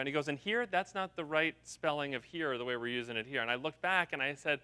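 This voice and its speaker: A man giving a conference keynote speech, an energetic storyteller who acts out the quotes he tells. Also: mid-range voice, fairly quick, clear, resonant tone. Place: conference hall.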